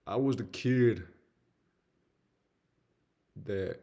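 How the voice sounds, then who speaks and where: Gravelly low-voiced man with a Southern twang. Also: drawn-out words, mellow. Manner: blunt, slangy, peppered with "man". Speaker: motivational speaker. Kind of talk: candid motivational monologue.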